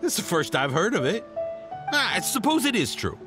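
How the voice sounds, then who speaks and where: A jittery trader in a video game, fairly high and swooping, stammering and laughing nervously as he talks his way out of trouble. Music plays clearly behind him. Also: very animated, fairly quick. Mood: flustered. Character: nervous male island trader, evasive and flustered.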